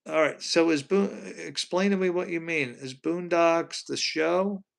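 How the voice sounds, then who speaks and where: Chatty man with a gravelly voice. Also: fairly high pitch, measured pace. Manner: chatty, rambling, asks viewers questions. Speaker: live stream host. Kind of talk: casual live stream chat, reading comments. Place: at home.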